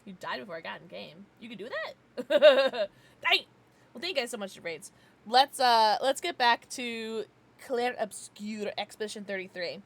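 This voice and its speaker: A woman's voice: fairly high pitch, lively intonation, moderate pace. A young woman streaming a game, chatty and giggly, chatting with her viewers and sometimes trying on silly accents. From Southern US. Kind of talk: live gameplay commentary.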